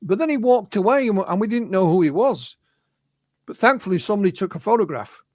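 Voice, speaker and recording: High-voiced Englishman telling witness stories. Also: animated, fairly quick, a little mellow, no room sound, studio quality. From England. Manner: recounts witness accounts, peppered with "you know". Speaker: guest, UFO researcher and author. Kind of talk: anecdotal storytelling in an interview.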